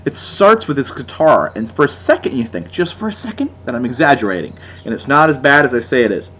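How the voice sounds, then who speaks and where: A man's voice: mid-range voice, very animated, fairly quick, fairly bright tone, a little hiss or hum. A young man giving a sarcastic, exasperated album review, mocking as he goes.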